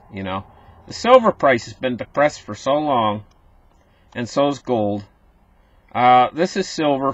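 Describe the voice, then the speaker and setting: A man's voice: medium pitch, a bit bright, husky, no room sound, dull audio. A man hosting a casual market commentary, talking straight to his viewers and repeating himself as he goes. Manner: talks to viewers as "guys", repeats words, rambly.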